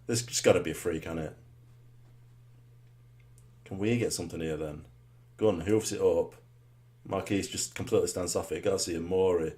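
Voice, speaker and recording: With a deep voice and moderate pace, a man narrates his own football game live, muttering rhetorical questions to himself and bursting into excited shouts, leaving long pauses in between.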